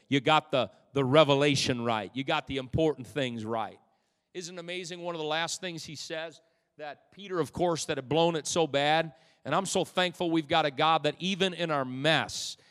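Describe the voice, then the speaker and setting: A man with a slightly high voice preaches to his congregation, rising to loud, fervent peaks and slipping in humorous asides. His words ring through a church sanctuary with a long, hanging reverb. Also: normal speed, smooth. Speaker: pastor. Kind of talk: sermon.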